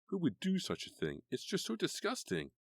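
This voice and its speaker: A man reading an audiobook, voicing an upset, angry teenage girl in a high, agitated voice. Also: wildly swooping pitch, normal speed, no echo, studio quality, full character voice. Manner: shrill and agitated.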